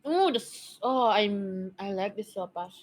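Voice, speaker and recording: A woman's voice: mid-range voice, animated, measured pace. A young woman chatting casually on a live stream, rambling and laughing often, with a strained throat. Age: young adult.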